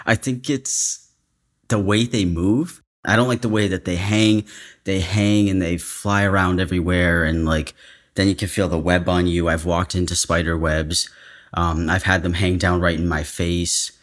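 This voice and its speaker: A man with a very low-pitched voice, speaking as a guest on a casual podcast. He hesitates and restarts his sentences, and he laughs often. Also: steady tone, unhurried.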